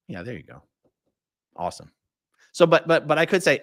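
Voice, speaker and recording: A man's voice: medium pitch, sing-song, normal speed, pauses often, fairly bright tone, dry recording, clean studio sound. An American man hosting a casual livestream, reading viewer comments aloud in an easygoing way. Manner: conversational, reads viewer comments aloud, many fillers. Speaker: livestream host filling in.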